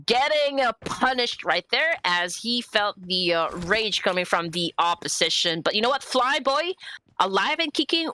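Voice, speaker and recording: A woman casting a live esports match in English with a Southeast Asian accent, excitable and quick to laugh as she calls the action. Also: medium pitch. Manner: excitable, laughs often, crowd-hyping. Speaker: esports caster. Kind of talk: live esports play-by-play commentary.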